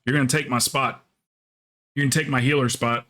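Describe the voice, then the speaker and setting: A man's voice: mid-range voice, steady tone, fairly quick, pushed and bright. A man streaming a game, chatting casually with viewers in a rambling, joking way and swearing freely. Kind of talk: casual live-stream chat.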